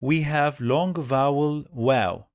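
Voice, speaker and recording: Male teacher, slow, dry close sound, repeats sounds for beginners. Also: mid-range voice, no echo. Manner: drills sounds by repeating them many times. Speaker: Arabic reading teacher. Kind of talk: slow step-by-step pronunciation lesson.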